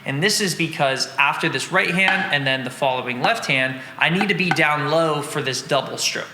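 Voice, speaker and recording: A man's voice: a little high, moderate pace, roomy sound, in a large hall, noisy background. A man teaching drums, patiently explaining and counting out strokes in an instructional lesson. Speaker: drum teacher.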